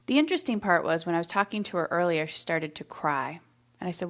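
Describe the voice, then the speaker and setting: Hosting a solo podcast, this woman has a fairly low, slightly bright voice with lively intonation, and she talks fast. Her tone is casual and reflective, and she acts out the voices of the people she quotes.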